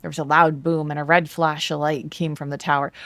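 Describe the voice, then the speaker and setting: Woman playing a gruff, blunt old villager. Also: sits low, little pitch movement, brisk, fairly bright tone, no echo. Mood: grim. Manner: folksy, blunt dialect speech. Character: gruff older village man, blunt and skeptical.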